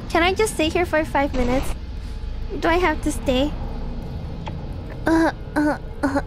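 A young woman streaming a game, chatting casually with her chat, jumpy and quick to swear when startled. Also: high voice. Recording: clear game music behind voice. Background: game music.

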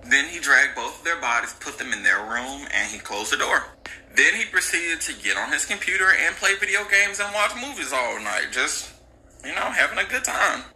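A man telling a story in a casual, animated way, acting out the voices of the people in it. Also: on the high side, moderate pace, rough recording. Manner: animated, acts out voices, laughs mid-story. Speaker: commentary storyteller.

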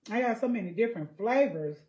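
A woman's voice: a little high, lively intonation, fast, darkish tone. An older woman, chatting folksily while she eats and savors her food on a vlog, humming "mm" between bites. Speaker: food vlogger. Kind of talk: casual eating vlog chat. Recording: roomy echo.

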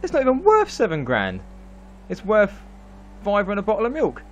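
A man, excitably narrating gameplay and laughing constantly between exclamations and swearing. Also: high-pitched, normal speed, highs cut off. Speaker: gaming video host. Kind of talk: excitable live gameplay chat.

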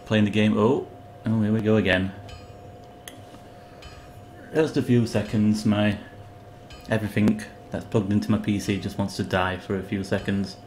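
A man's voice: on the low side, steady tone, normal speed, darkish tone, slight background noise. A man playfully commentating on a video game while he plays and talks to its characters. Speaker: gamer. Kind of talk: let's play commentary.

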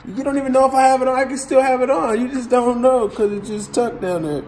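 A man's voice: very high-pitched, steady tone, fast, a little mellow, slight background noise. Joking man sorting storage finds. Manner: joking, teasing banter. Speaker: storage unit vlogger. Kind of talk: casual chat.

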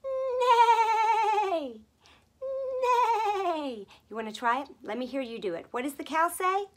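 A woman leading a gentle music and sign-language lesson for small children, speaking softly and slowly, often dropping to a whisper. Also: high-pitched, lively intonation. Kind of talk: gentle teaching for toddlers.

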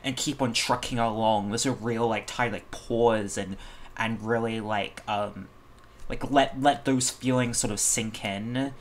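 A man's voice: mid-range voice, fairly even intonation, unhurried. A man hosting a casual reaction video. He rambles, circling back on his words with plenty of fillers, in a mid-range voice. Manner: rambling, many fillers and restarts.

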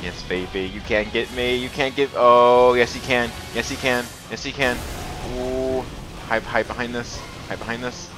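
A young man giving excited gameplay commentary, often stammering and repeating himself. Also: mid-range voice, moderate pace. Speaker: let's play gamer. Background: game music.

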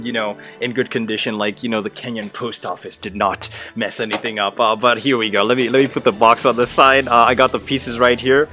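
A young man hosting an unboxing vlog, gushing and excitable, with big jumps in his voice and constant exclamations. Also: medium pitch. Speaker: unboxing video host.

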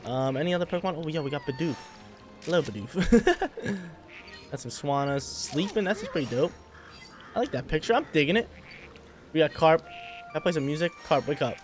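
A young man giving casual, excitable gameplay commentary full of slang, talking to the creatures on screen. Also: mid-range voice. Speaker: gaming channel host.

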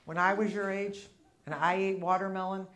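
A woman's voice: medium pitch, fairly even intonation, normal speed, very noisy. A woman in her fifties doing a punchy stand-up comedy routine in a comedy club, working the crowd. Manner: brash, punchy delivery with crowd work. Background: audience laughter.

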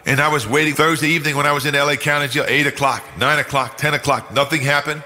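A man's voice: on the high side, steady tone, quick pace, sharp tone. An older man from New York telling his personal testimony in an earnest, emphatic way. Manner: earnest, emphatic, acts out quoted speech. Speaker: guest giving a testimony. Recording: long hall reverb.

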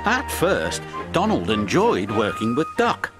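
Lively man narrating a storybook. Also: mid-range voice, measured pace. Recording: music playing under the voice.

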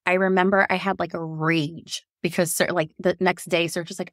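A woman in her thirties telling a personal story on a podcast, laughing often and acting out quotes in a higher voice. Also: fairly quick, few pauses, no echo, studio quality. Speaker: podcast guest. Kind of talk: casual storytelling.

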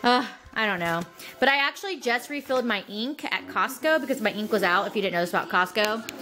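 A woman's voice: expressive, brisk, bright, forceful tone. A woman who is sick, chatting casually at home in a rambling vlog style full of fillers. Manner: turns high and singsong when talking to her toddler. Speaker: vlogger.

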